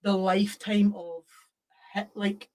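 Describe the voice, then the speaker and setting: A woman guest chats casually on a podcast in a playful, teasing way. Her voice sits at a middle pitch. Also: flat delivery, measured pace, a little mellow. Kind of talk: casual chat.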